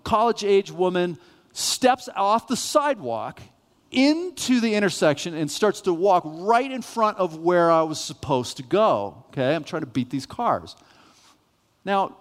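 A male pastor preaching a sermon, telling a self-mocking, animated story. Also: fairly high pitch. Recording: reverberant church hall.

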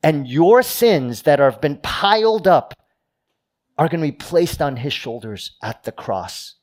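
A middle-aged man preaching a sermon to a congregation, rising high for quoted boasts and sinking low and quiet for solemn lines. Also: big pitch swings, unhurried. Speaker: pastor.

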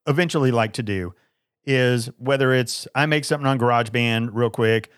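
A man's voice: medium pitch, a little fast, clean tone, no echo, studio quality. A middle-aged man co-hosting a casual podcast with his son, rambling and tripping over repeated words. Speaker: podcast co-host, father. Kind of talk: casual chat.

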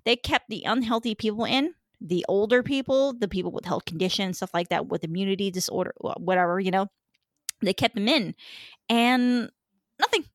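A woman's voice: medium pitch, moderate pace, no room sound, studio quality. Profane rambling woman podcast host. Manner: profane, rambling, many fillers. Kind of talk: casual political chat.

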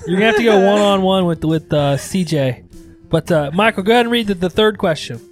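A man's voice: sits high, expressive, fast, soft background music. A man hosting a casual podcast chat, teasing his friends and laughing often. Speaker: host.

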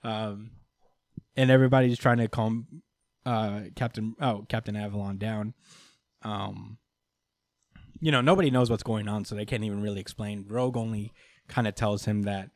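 A podcast host with a fairly low, fairly even voice casually recaps a comic book story at a moderate pace. He laughs often, swears freely and fills his talk with fillers. The recording is dry, with clean studio sound.

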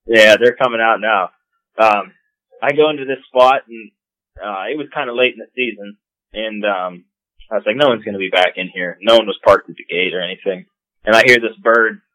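A man, a podcast guest telling hunting stories in a casual, animated way. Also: on the low side, moderate pace, dry recording, low-quality recording. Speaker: podcast guest, call maker. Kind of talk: casual storytelling.

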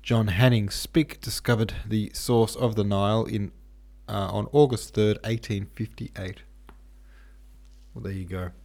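Low-voiced man hosting a book podcast. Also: measured pace. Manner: relaxed, chatty. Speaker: podcast host. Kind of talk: casual book podcast chat and reading aloud.

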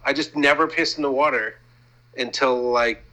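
A man's voice: mid-range voice, normal speed, pushed and bright, low-quality recording. A man from Maine, co-hosting a casual comedy chat, rambling and riffing on absurd bits with plenty of swearing.

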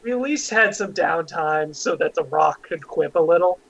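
A high-voiced man with a gravelly edge, chatting and giggling as he picks at details. The recording sounds muffled and lo-fi. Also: lively intonation, normal speed, fairly bright tone. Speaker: podcast co-host. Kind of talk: casual chat.

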